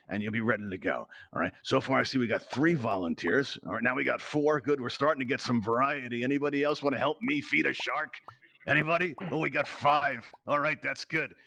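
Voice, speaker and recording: A man hosting a game show, talking fast in a chatty, joking patter full of asides and fillers. His voice sits at a middle pitch. The sound is close and dry, as if through a headset mic. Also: creaky, bright, forceful tone, dry recording, lo-fi sound. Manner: chatty, rambling, jokey, lots of fillers and asides. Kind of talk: playful game show patter in virtual reality.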